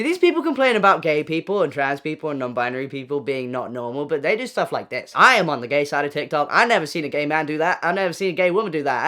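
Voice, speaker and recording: A man's voice: a little high, a bit bright. A young man commenting on online clips in a sarcastic, exasperated way, full of rhetorical questions.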